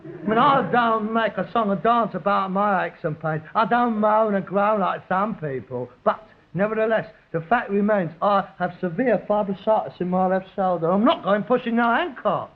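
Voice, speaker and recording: Gloomy, theatrical London junk dealer, sitcom; high voice, phone-thin old recording. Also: male voice, normal speed. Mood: grumbling. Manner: sarcastic, theatrical, self-pitying. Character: weary middle-aged male rag-and-bone man, sardonic and gloomy. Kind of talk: 1960s sitcom acting. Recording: tinny old television audio.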